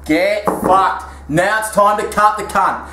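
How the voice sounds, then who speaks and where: A man's voice: high voice, slow, pushed and bright. A man with an Australian accent hosting a crude comedic cooking show, brash and swearing constantly as he cooks in a home kitchen. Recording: echoey room with faint noise.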